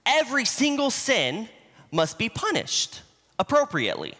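A man's voice: very high voice, wildly swooping pitch, a little slow, sharp tone. A man preaching a sermon in a church, teaching in a conversational way with homespun examples. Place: church sanctuary. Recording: livestream in a reverberant church hall.

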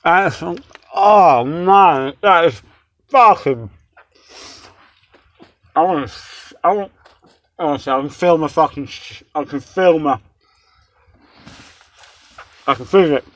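A man's voice: on the high side, slow pace, pauses often, dry recording, highs cut off. A young man ranting as he reviews a takeaway meal, swearing constantly and rambling in exasperation, recorded indoors on a phone or camera held close. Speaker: vlogger reviewing takeaway food. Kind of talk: casual ranting food review.

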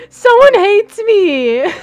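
A woman live-streaming a game in VR, commenting in an excitable, giggly way and yelping at what happens on screen. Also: very high voice. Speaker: gaming streamer.

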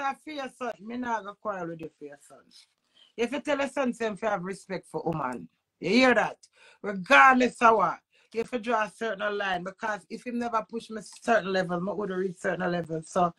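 A middle-aged Jamaican woman vents in a personal vlog, cursing freely and pressing every point hard. Her voice sits a little high, with a rough, gravelly edge. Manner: profane, emphatic, with sudden loud outbursts and laughs. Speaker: vlogger. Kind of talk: heated personal rant to camera.

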